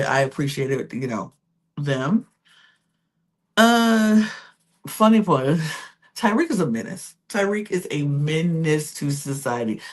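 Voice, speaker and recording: A woman hosting a casual reality TV recap podcast, chatty and full of fillers and self-corrections. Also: fairly low pitch. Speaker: podcast host.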